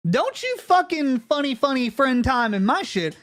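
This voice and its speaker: A man on a live stream in full rant mode, cursing freely and repeating himself as he stumbles over his own words. His pitch swoops widely, jumping from shouted peaks down to low, muttered grumbles. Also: big pitch swings, normal speed, hardly any pauses. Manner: profane, heated, swings between yelling and low grumbling. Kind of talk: ranting live-stream monologue.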